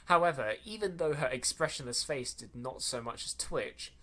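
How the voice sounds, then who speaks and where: A man's voice: a little high, expressive, normal speed, very noisy. A man hosting a podcast, reading a horror story aloud, tripping over clumsy sentences and rereading them with sarcastic asides. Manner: stumbling over lines and rereading them mockingly.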